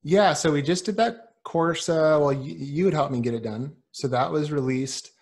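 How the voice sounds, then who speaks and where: A man's voice: on the high side, normal speed, darkish tone. A man talking as a guest on a podcast in a casual chat, earnest and a bit rambling. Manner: earnest, rambling, many fillers and restarts. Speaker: podcast guest, business owner.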